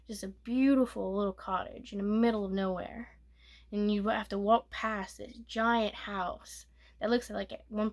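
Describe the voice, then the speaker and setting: A woman giving a soft-spoken ASMR movie recap, rambling and correcting herself, sometimes dropping to a whisper. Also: medium pitch. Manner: rambling, self-correcting retelling with filler "like". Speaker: movie reviewer.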